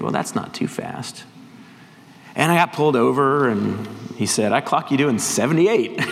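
A man's voice: mid-range voice, vocal fry. A middle-aged man, a visiting missionary, preaching a sermon, telling stories and quoting scripture with rising emphasis. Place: church hall. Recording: church hall reverb, faint noise.

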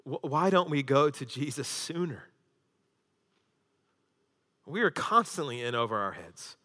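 A man preaching a sermon as pastor, swinging between loud emphasis and hushed intensity. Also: medium pitch, big pitch swings, a little slow, long pauses. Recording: long hall reverb.

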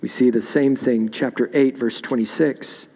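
A man's voice: mid-range voice, fairly even intonation, moderate pace, warm tone. Man preaching in a reverberant church. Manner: expository preaching, reading scripture aloud. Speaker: pastor. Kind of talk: sermon. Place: church sanctuary.

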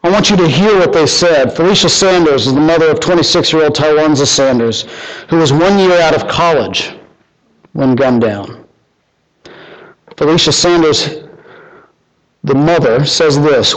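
A man's voice: a little high, moderate pace, long pauses, poor audio. A man preaching a sermon earnestly, repeating lines and asking the congregation rhetorical questions. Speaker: pastor.

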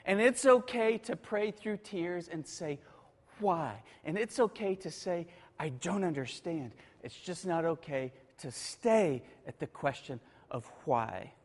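A man preaching a sermon, moving between hushed, quiet passages and emphatic, rising declarations. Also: high-pitched. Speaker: pastor. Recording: long reverb of a large hall.

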